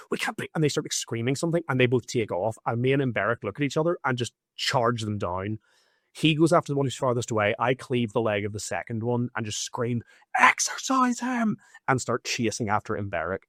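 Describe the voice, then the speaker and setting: A man hosting a podcast, recounting events in an animated, casual way with lots of fillers and swearing. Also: medium pitch, no room sound, clean studio sound. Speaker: podcast host. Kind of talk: casual storytelling.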